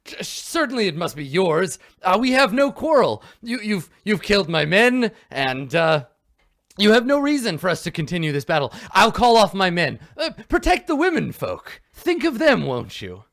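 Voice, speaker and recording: A man's voice: high-pitched, very animated, normal speed, a bit bright, pitched above the performer's own voice, heavily acted. A man voicing a cowardly male knight who grovels and babbles in panic, stammering over his words for mercy in a tabletop game. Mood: panicked pleading.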